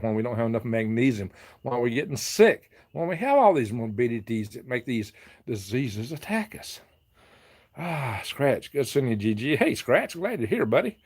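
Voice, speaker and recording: A man hosts a casual live broadcast, reading viewer comments and chatting back to them. He laughs often and talks in a loose, rambling way. His voice sits in an ordinary middle pitch. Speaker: livestream host reading chat.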